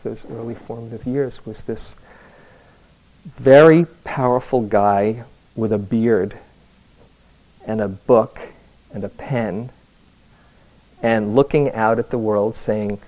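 A man giving a dharma talk to a live group as a meditation teacher, telling a personal story slowly, with hesitant restarts. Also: medium pitch, warm tone, low-quality recording.

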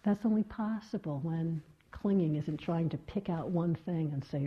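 Woman meditation teacher, reflective dharma talk, lowish voice, slightly dull recording. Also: moderate pace, few pauses. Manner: gentle, reflective, with many soft fillers.

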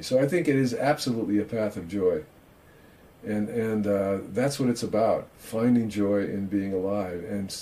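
Older man giving a chatty Zen talk. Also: mid-range voice. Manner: chatty, self-mocking, animated asides. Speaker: Zen teacher and author. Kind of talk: informal dharma talk on a video call.

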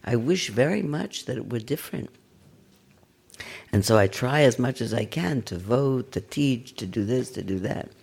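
An older woman giving a gentle, conversational dharma talk as a meditation teacher, with a self-mocking manner. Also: a bass voice, animated, normal speed, vocal fry, husky. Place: meditation center.

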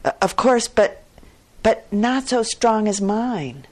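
A woman's voice: lively intonation, slow pace, darkish tone, husky, exaggerated voice. A woman voicing a poor, anxious male farmer who stammers and pleads, stubborn but timid. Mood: eager, pleading. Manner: stammering, pleading, pitch rising.

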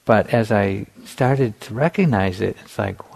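Gravelly man telling a dharma story. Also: lowish voice, normal speed, few pauses. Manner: relaxed storytelling with many restarts and fillers. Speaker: meditation teacher. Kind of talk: dharma talk.

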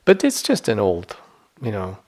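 A man's voice: on the low side, huge pitch swings, unhurried, a little mellow. A middle-aged man giving a meditation teaching, reflective and conversational, often checking in with "you know" and "yeah". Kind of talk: dharma talk.

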